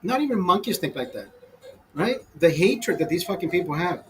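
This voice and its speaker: A man's voice: high-pitched, very animated, moderate pace, a bit bright, slight background noise, low-quality recording. A man ranting casually to his viewers over a beer, profane and fired up, calling them brother. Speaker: host.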